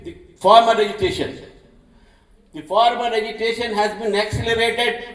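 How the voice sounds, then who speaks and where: High-voiced man, Indian accent, declamatory political speech, roomy hall, distant mic. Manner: impassioned, declamatory. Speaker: speaker at a public meeting. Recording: echoey hall, mic from far off.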